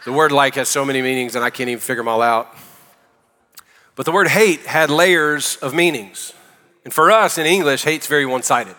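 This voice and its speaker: A man's voice: medium pitch, fairly quick, pushed and bright. A male pastor with a Southern US accent preaching a sermon in a conversational way, with joking asides. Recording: long hall reverb.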